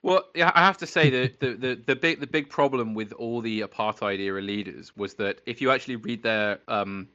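Bright-voiced ranting Englishman, lo-fi mic. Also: medium pitch, a little fast, few pauses. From England. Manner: emphatic, sweary, ranting. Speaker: stream co-host. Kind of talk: casual chat on a livestream. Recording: dull lo-fi mic.

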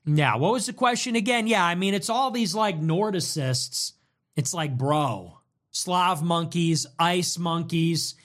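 A young man hosting a livestream, riffing casually in a mocking, animated way with lots of rapid repetition. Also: fairly high pitch. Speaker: livestream host.

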